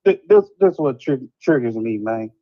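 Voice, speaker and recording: A man's voice: medium pitch, animated, moderate pace, phone-quality sound. A man from Chicago calling in to a talk show, ranting in a rambling, frustrated way. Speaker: caller. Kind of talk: heated call-in rant.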